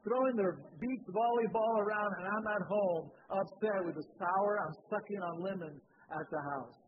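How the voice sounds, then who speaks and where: Male pastor, sermon with animated storytelling, slightly high voice, tinny lo-fi recording. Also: normal speed, hardly any pauses. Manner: animated storytelling with sudden rises in pitch and volume. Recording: tinny phone-like sound with faint noise.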